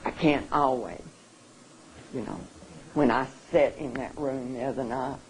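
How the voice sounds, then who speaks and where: A speaker at a seminar giving an emotional talk, earnest and halting, often restarting sentences. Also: mid-range voice, a little hiss or hum, rough recording. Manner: openly emotional. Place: seminar room.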